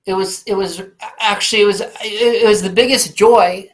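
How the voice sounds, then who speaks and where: A man's voice: high-pitched, steady tone, moderate pace. Earnest reflective man in his forties. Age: 40s. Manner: earnest, reflective, with frequent restarts. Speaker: podcast guest, keynote speaker. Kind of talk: candid conversational storytelling.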